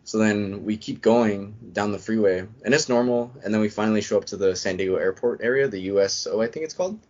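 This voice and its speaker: A man's voice: fairly low pitch, fast talker, darkish tone. A man on a podcast as a guest, retelling his story in a casual, rambling way with lots of "I'm like" asides. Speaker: podcast guest, Marine veteran. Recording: dull lo-fi podcast audio.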